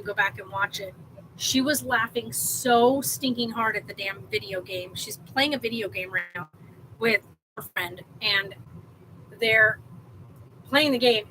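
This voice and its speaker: A woman's voice: on the high side, pushed and bright, a little hiss or hum, rough recording. An exhausted woman hosting a casual livestream, talking in a rambling way with many fillers. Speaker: livestream host.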